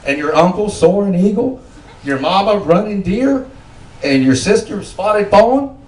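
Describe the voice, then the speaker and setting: A man's voice: high-pitched, animated, measured pace, a little mellow, echoey room, far from the mic, low-quality recording. A man voicing an old male tribal chief who explains things patiently, in a joke told to a small group.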